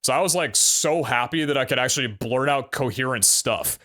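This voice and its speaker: Young man, streamer, casual storytelling, animated, laughs a lot, swears freely. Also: mid-range voice, fairly quick.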